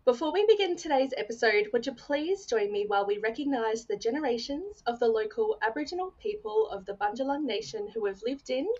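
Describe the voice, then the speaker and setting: A woman's voice: on the high side, expressive, brisk, hardly any pauses, highs cut off. A young woman hosting a podcast interview, earnest and effusive as she introduces and thanks her guest. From Australia. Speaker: podcast host.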